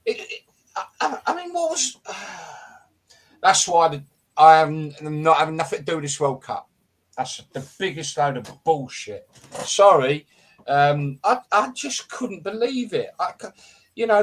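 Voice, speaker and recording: A man's voice: a little high, lively intonation, measured pace, fairly bright tone. A man hosting a live football show, delivering an exasperated, sweary, rambling rant. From England.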